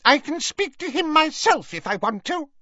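A man voicing a cowering, rat-like little male servant with a shrill, squeaky voice, whining and defensive, recorded dry and dull. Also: sing-song, normal speed, bright, forceful tone, no echo, exaggerated voice.

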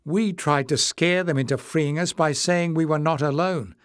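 Guy doing a fierce stubborn young heroine, urgent, pitched up. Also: moderate pace, clean tone, no echo, clean studio sound, natural voice.

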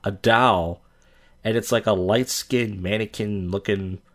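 A man's voice: lowish voice, fairly even intonation, unhurried. A man hosting a reaction video, giving crude, sarcastic commentary. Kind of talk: casual commentary.

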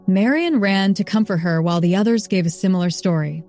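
A woman narrating a story in an even, steady reading voice. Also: on the low side, a little fast, few pauses, soft background music. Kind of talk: scripted narration.

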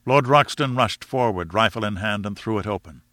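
A man reading an adventure novel aloud as narrator, in a measured, steady storytelling manner. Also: on the low side, dry recording, studio quality. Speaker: audiobook reader. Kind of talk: scripted narration.

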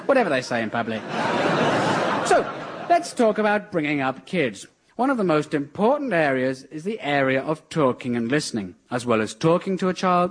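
Male comic host, mock lecture, slightly high and animated delivery, faint hiss. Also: breathy edge. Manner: dry, mock-earnest lecturing. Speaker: comedy show host. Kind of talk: satirical radio comedy monologue.

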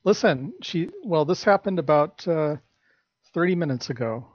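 A man's voice: fairly high pitch, animated, moderate pace, dry recording. A man making prank calls, acting as a stern, bossy fake manager. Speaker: prank caller. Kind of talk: prank phone call banter. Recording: dry dull lo-fi tape.

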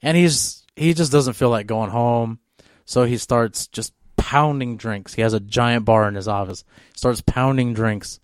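Smooth-voiced man rambling through a story. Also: mid-range voice, measured pace, few pauses, dry recording, clean studio sound. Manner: rambling, full of fillers and restarts. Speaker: podcast co-host. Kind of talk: casual storytelling on a podcast.

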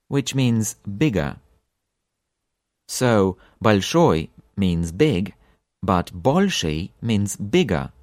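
A man teaching a language lesson for an audiobook, repeating example words slowly with long drawn-out vowels. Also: lowish voice, big pitch swings, a little mellow, dry recording, studio quality.

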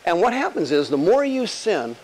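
A man preaching a conversational Bible-teaching sermon, firing rhetorical questions and slowing down to stress key words. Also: high-pitched, sing-song, poor audio.

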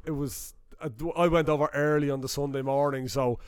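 A man's voice: on the high side, steady tone, fairly quick, clear, resonant tone, no echo, clean studio sound. A man, casually chatting as a podcast host and telling stories with lots of fillers. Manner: chatty storyteller, many fillers, laughs easily. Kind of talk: casual chat.

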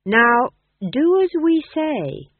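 A nervous young man thrust onto a throne voiced by a woman pitches up high and anxious. His voice shifts into cold royal command when he is pushed, and it sounds thin and phone-like. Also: very animated, moderate pace, dry recording. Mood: imperious. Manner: panicky, then royally haughty. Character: anxious young actor-king, turning imperious. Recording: tinny phone-like dry sound.

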